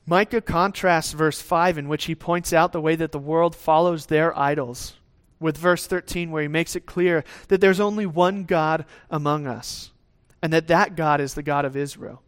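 A man's voice: fairly high pitch, steady tone, moderate pace, few pauses, smooth. A man preaching a sermon casually, often checking in with the listeners and acting out little exchanges with God. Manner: conversational preaching, acts out God's lines; tag questions, some restarts. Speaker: pastor.

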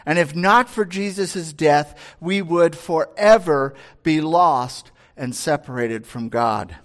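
Man preaching a sermon in a high voice. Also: slow pace. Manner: conversational preaching, acting out quoted voices, rising to near-shouts. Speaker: pastor.

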